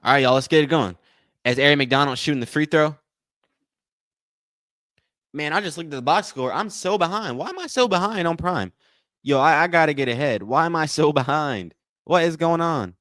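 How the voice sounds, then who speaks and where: A man's voice: fairly high pitch, animated, moderate pace, long pauses, a bit bright, dry recording, studio quality. A man hosting a live watch-along, giving casual play-by-play and chatting with viewers, often repeating himself and calling them y'all. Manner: repetitive, addresses chat as y'all, thanks donors. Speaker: livestream host.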